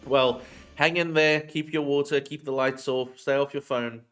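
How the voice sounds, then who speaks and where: A man's voice: mid-range voice, steady tone, moderate pace, a bit bright, clean tone, soft background music. A man chatting casually with his chat audience on a livestream. He swears freely and drifts between topics.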